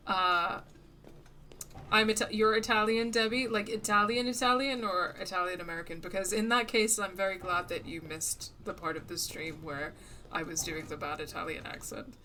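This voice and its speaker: A woman's voice: mid-range voice, fairly even intonation, normal speed, bright, forceful tone, slight background noise. A woman streaming a video game live, chatting casually with viewers, laughing often and muttering at the game as she plays. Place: lives in the UK.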